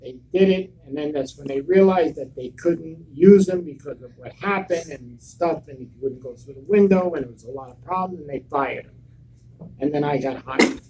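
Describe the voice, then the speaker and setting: A man's voice: a little high, moderate pace, noisy background. Blunt, profane older man telling stories. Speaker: panel guest. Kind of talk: live convention panel storytelling. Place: convention panel room.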